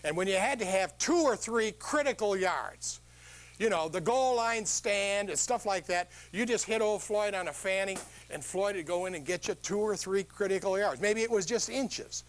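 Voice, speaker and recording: This is a motivational speaker, an older man with a high-pitched voice and a moderate pace. Before a live audience he gives a humorous talk, animatedly spinning stories and quizzing listeners.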